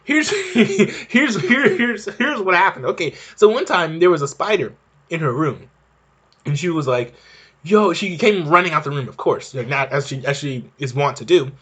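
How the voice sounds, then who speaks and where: Young male podcast host, rambling off-the-cuff monologue, animated and a bit high-voiced. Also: moderate pace. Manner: rambling, frequent fillers and restarts, laughs while talking. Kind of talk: casual monologue.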